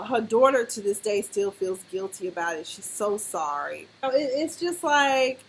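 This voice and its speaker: A woman with a slightly higher voice gives a casual, chatty review of a TV drama. She throws herself into quoting the characters, shifting her delivery as she plays each one. A faint background hum sits under her voice. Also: rough recording. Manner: animated, acts out characters' lines in quotes. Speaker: TV recap vlogger.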